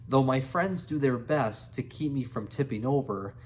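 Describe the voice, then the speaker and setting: A man reading a memoir aloud in a measured way, now and then breaking into excited, laughing asides. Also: medium pitch, a little hiss or hum. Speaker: audiobook reader.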